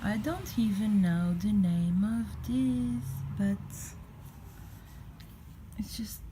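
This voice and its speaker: A young woman vlogging an unboxing in a gushing, excitable way, sometimes slipping into whispers, recorded on a phone. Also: medium pitch, very slow. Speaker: vlogger unboxing a collectible figure. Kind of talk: casual unboxing chat. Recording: noisy room ambience behind.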